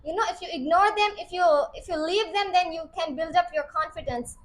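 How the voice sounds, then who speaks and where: A young woman with a very high voice gives earnest advice and repeats her points for emphasis. A faint hiss sits under the recording. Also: fairly quick. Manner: earnest, repetitive, advising. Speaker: former student, now teacher. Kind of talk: motivational talk.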